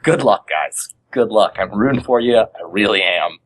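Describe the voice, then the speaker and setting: A man's voice: on the low side, expressive, moderate pace, a bit bright, low-quality recording. A man from Boston chatting casually on a podcast, telling stories with lots of fillers and restarts. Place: shared office.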